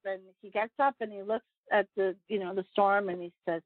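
A woman's voice: mid-range voice, fairly even intonation, fairly quick, no room sound. Woman guest, pastor, rambling earnest chat, phone-quality audio, dry sound. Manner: rambling, many fillers and restarts, earnest. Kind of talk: casual interview conversation.

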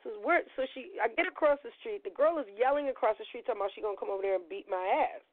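A middle-aged woman hosting a podcast, telling a story in a loud, profane, animated way and acting out the quotes, her voice a little gravelly as it recovers. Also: a little high, fast talker, no room sound. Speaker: podcast host. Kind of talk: storytelling monologue. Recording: tinny phone-like line.

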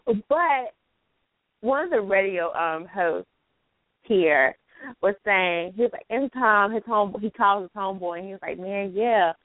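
A woman's voice: medium pitch, lively intonation, normal speed, no room sound, narrow, tinny audio. A woman co-hosting a radio talk show in casual chat, laughing often.

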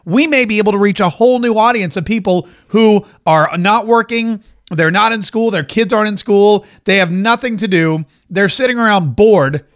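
Rambling high-voiced male show host. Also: normal speed, a bit bright. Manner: rambling, restarts sentences, conversational. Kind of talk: casual live-stream chat.

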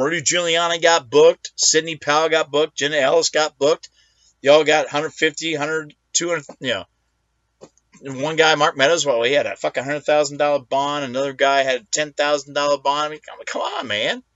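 A man's voice: mid-range voice, bright, forceful tone, no room sound, dull audio. A man hosting his own talk show, delivering a profane, combative political rant. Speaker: host.

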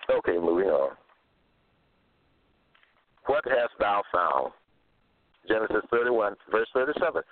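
In a Bible teaching monologue, a man with a medium-pitched voice repeats himself and fires rhetorical question after question at his listeners. The audio is dry, phone-like, lo-fi, with no echo.

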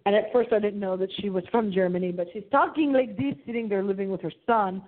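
Animated woman host over a tinny line. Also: medium pitch, quick pace. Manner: animated, dramatic, gasping and singing for effect. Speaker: radio show host. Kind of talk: chatty movie talk. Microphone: phone held to the computer.

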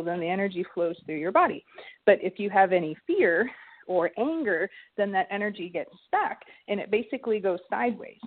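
Lively middle-aged woman on a tinny line. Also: mid-range voice. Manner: lively, animated storyteller, acts out quoted voices. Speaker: guest, holistic health coach. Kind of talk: storytelling in a casual interview.

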